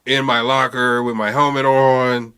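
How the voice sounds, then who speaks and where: A man co-hosting a casual sports podcast, telling stories with lively impressions and casual swearing. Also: mid-range voice, measured pace, clear, resonant tone. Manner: animated storytelling, mimics players, swears casually. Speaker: podcast co-host.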